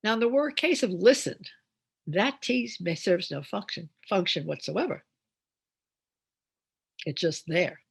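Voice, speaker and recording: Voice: medium pitch, unhurried, vocal fry, long pauses, husky. A reading teacher giving an instructional talk on phonics, explaining step by step with chatty asides.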